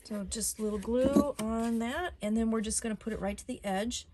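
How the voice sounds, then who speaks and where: A woman hosting a casual step-by-step craft tutorial at her desk, talking in a chatty, relaxed way with frequent ums and small restarts. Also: a little high, normal speed, background noise.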